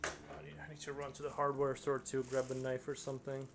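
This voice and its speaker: A man's voice: mid-range voice, quick pace, noisy background. A man from Belarus with a Belarusian accent, chatting casually and rambling while drawing on a live stream. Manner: relaxed, rambling, trailing off.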